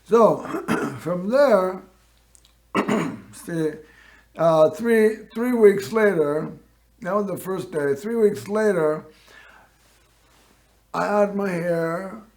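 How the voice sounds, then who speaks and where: A man hosting a local TV show, telling a personal story in a rambling way and often clearing his throat. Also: sits high, drawn-out words, pauses often, a little mellow. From Northern California. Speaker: host.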